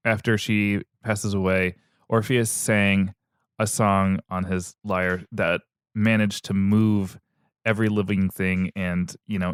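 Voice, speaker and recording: Brief: young male co-host, playful storyteller who laughs a lot, smooth clear voice, lowish pitch. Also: no echo, studio quality. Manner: playful, laughs often, slips into goofy character voices. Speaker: podcast co-host. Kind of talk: joking myth retelling.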